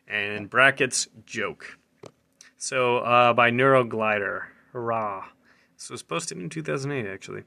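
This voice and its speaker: A man's voice: mid-range voice, sharp tone. A man hosting a casual military news show, reading items aloud with loose, chatty commentary, stumbling over words and breaking into laughter as he reads.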